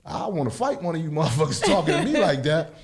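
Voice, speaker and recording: A man's voice: quick pace, vocal fry. Man, radio co-host, fired-up debate, lots of cursing and laughing, swooping intonation. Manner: animated, swearing, laughs often, swings loud and high. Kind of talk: heated casual debate.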